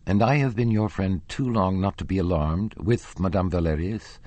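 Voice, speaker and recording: A man's voice: deep voice, normal speed, a little mellow, no room sound, pitched above the performer's own voice, lightly acted. Raoul, a man reading an earnest young nobleman. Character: earnest young nobleman, anxious but firm.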